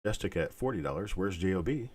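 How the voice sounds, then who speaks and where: A man hosting a live online coin auction, calling bids in a calm, soothing, unhurried way. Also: sits low, slightly rough. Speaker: auctioneer host.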